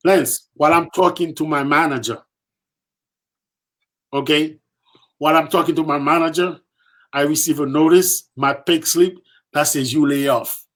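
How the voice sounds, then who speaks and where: A man guest on a podcast telling a personal story, lively and repetitive, acting out what others said. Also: on the high side, normal speed, pauses often. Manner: lively, acts out quoted voices, repeats himself for emphasis. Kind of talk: animated storytelling.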